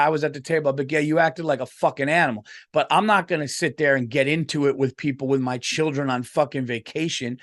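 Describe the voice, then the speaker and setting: A man hosting a podcast, telling a story as a comedic rant in an indignant, profane way. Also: fairly high pitch. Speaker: podcast host.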